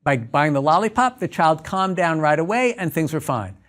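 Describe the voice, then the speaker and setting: Brief: male speaker with a slightly high voice, giving a lecture through stories. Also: sing-song, normal speed, a bit bright. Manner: storytelling, acts out dialogues. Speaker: clinical psychologist. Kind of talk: lecture talk.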